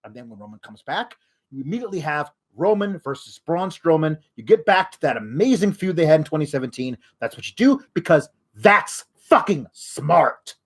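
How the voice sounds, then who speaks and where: A male podcast host vents in an exasperated, profane rant. His voice sits high for a man, and the swearing never lets up. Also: big pitch swings, moderate pace, slightly rough. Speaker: wrestling news podcast host.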